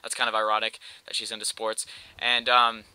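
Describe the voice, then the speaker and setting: Bright, slangy young Canadian guy telling a story. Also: fairly low pitch, completely flat delivery, brisk, clear, resonant tone, no room sound, poor audio. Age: young adult. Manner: rambling, slangy, with lots of "like". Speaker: gameplay commentator. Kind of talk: casual storytelling over gameplay.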